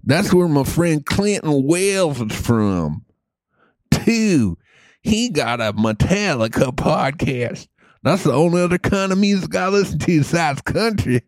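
A man's voice: a little high, very animated, a little slow, dry recording, studio quality, pitched above the performer's own voice. A man doing a rowdy Southern redneck. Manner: rowdy, drawling, crude. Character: loud boastful redneck country-fan man.

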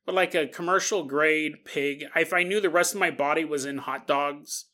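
High-voiced podcast guy rambling and joking, bright edgy tone. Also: moderate pace. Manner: rambling, jokey, slips into silly put-on voices. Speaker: podcast host. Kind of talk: comedic monologue.

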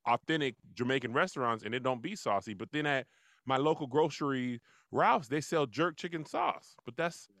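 A man's voice: mid-range voice, animated, normal speed, a bit bright, no room sound, studio quality. A man co-hosting a podcast, trading teasing jokes in casual debate chat. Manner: teasing, joking banter. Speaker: podcast co-host. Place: podcast studio.

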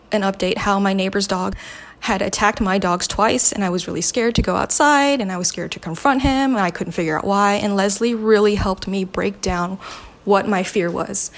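A podcast host, a woman, shaken and upset, recounting a confrontation with agitated swearing. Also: mid-range voice. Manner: agitated, swearing, quoting others in raised voice. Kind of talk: angry personal story.

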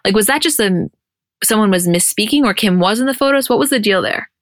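A woman's voice: mid-range voice, animated, brisk, dry recording. A woman co-hosting a podcast, casually recapping TV scenes and acting out the dialogue as she goes. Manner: chatty, retells scenes with quoted dialogue. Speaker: podcast co-host.

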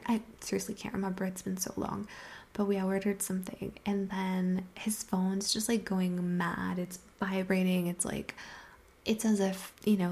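A young woman casually telling a funny story, chatty and animated, often dropping to a whisper. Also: mid-range voice, creaky.

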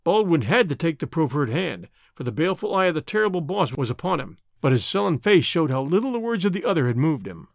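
Guy narrating a mystery show, lively storytelling, a bit high voice, dry. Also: fast talker, gravelly, few pauses, no room sound. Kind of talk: audiobook narration.

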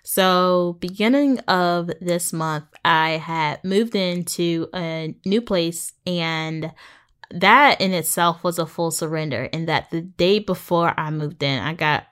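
A woman's voice: on the low side, takes it slowly, fairly bright tone, smooth. A woman in her twenties talking earnestly and a bit tiredly about her faith, rambling with many fillers and restarts. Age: 20s. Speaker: podcast host. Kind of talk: faith-based personal talk.

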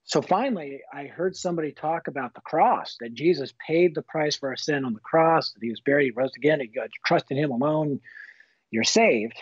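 Husky guy in his 50s telling his life story all earnest and folksy, kinda dull muffled audio. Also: fairly high pitch, a little fast, no room sound. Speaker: guest author. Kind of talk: personal testimony storytelling. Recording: slightly muffled, dull recording.

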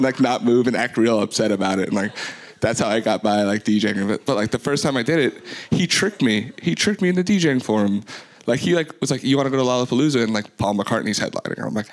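A man's voice: mid-range voice, fast. A young man telling a long, rambling story as an interview guest, filling his talk with "like". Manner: loose, rambling, heavy use of "like". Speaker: guest, DJ and music producer.

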